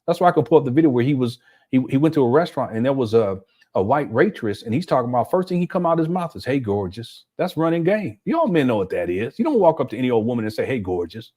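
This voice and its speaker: An older man giving casual reaction commentary as a channel host, animated and mocking, often breaking into laughter. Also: mid-range voice, very fast.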